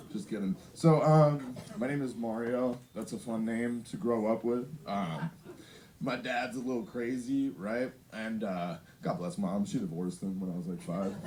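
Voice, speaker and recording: A man's voice: mid-range voice, warm tone, a little hiss or hum. A young man performing a stand-up comedy set, rambling loosely and laughing at his own lines in front of a live audience. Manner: loose, rambling delivery with frequent laughs and fillers.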